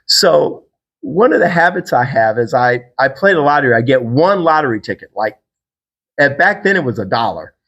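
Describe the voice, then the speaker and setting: A middle-aged man hosting a podcast, telling a personal faith story in a casual, animated way and acting out the people he quotes. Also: normal speed, lo-fi sound. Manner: animated storyteller, acts out quotes with big pitch jumps. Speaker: podcast host.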